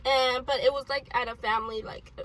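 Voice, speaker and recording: A woman's voice: sits high, fairly bright tone. A young woman chatting casually, cutting in with reactions and swearing. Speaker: co-host. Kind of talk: casual chat.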